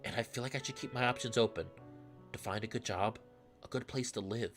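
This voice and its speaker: A man voicing a guarded young man, reading his lines and narration quietly and hesitantly. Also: mid-range voice, a little fast, voice pushed down, lightly acted. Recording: faint music underneath.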